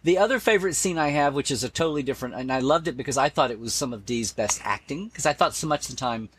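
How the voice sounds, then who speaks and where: A man's voice: mid-range voice, lively intonation, fast talker, a bit bright, a little hiss or hum. A man being interviewed, talking casually and with enthusiasm, often quoting favorite lines and restarting his sentences. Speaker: guest, Star Trek expert.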